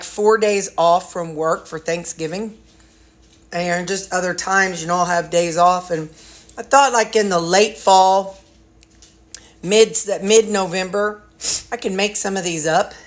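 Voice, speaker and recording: A woman chatting casually at home in a vlog, rambling and trailing off with ums. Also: on the low side. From Missouri, US. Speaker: weight-loss vlogger.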